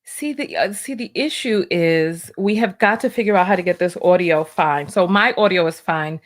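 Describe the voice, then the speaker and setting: A woman hosting a reaction video, flustered and stammering as she pauses and sorts out her audio. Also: on the low side. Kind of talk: casual reaction commentary.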